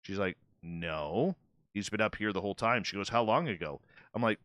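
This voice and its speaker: A man hosts a talk-radio panel and tells an anecdote with animated energy, acting out the dialogue himself. His voice is bright and forceful. The sound is dry and close to the mic. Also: fairly low pitch, normal speed, no echo. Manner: animated anecdote-telling, acts out both sides of dialogue. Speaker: radio show host. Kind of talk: casual storytelling on a panel show.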